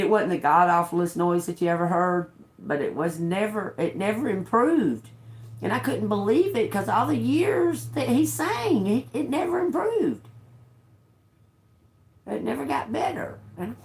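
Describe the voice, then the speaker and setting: A woman in her fifties chats to her livestream viewers in a low, very lively voice that leaps around as she talks. She laughs often and swears casually while rambling through a story. The sound bounces around an echoey room. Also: gravelly. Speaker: livestream host.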